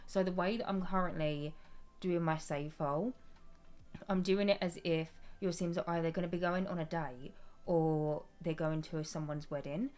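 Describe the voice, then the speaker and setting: A woman's voice: lowish voice, steady tone, moderate pace, a little mellow. A woman chatting casually with her viewers during a live stream, affectionate and familiar, greeting everyone as her darling. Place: at home at her gaming desk.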